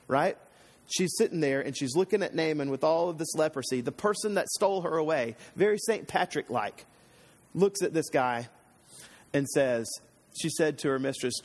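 A man preaching a sermon in a relaxed, conversational way, often restarting his sentences. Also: medium pitch. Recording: reverberant hall.

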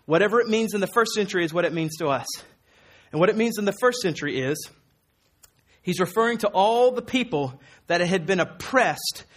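Expressive and brisk, this high male voice preaches as a pastor, conversational but earnest and emphatic. He repeats words, uses fillers, and quotes Jesus with mounting force.

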